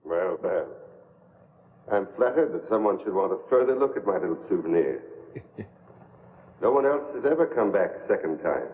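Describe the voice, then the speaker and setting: A polite sinister villain, very low voice, lo-fi film audio. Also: male voice, animated, slight background noise. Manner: smooth, measured, menacing politeness. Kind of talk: 1960s film acting. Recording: tinny lo-fi old film audio.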